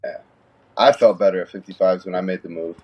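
Husky-voiced young man. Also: low voice, steady tone, fast talker, muffled recording. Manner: laid-back, slangy, laughing. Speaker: pro fighter. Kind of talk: casual chat.

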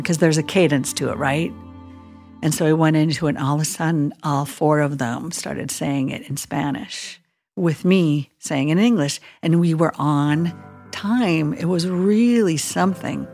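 A middle-aged woman with a deep, gravelly voice recounts an emotional moment from her work as a chaplain. She talks earnestly and casually, slipping into the voices of her own thoughts. Soft music sits faintly underneath. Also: a little slow. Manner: earnest, emotional storytelling with acted-out inner voices. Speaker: hospital chaplain. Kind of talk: casual podcast storytelling.

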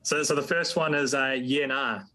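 A man's voice: medium pitch, fairly even intonation, moderate pace, sharp tone, low-quality recording. A man interviewing a guest, quizzing him playfully in a casual way.

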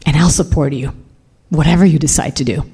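A woman voicing a gentle young man who calmly reassures her. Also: low voice, fairly quick, breathy edge, exaggerated voice. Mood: reassuring. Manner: calm, reassuring.

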